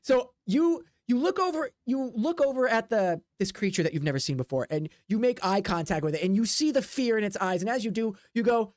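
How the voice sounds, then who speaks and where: A woman acts as game master for a tabletop role-playing game, narrating in a loose, rambling way full of fillers and sound effects. Her pitch leaps around with lots of expression, and the sound is dry and close. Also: sing-song, fairly quick, hardly any pauses, darkish tone, no echo. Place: home desk.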